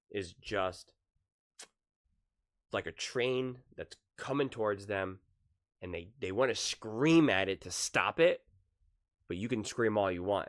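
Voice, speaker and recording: Animated man with a lively voice. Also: fairly low pitch. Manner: lively, with acted-out quotes and analogies. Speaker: basketball commentary host. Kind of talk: casual opinion vlog.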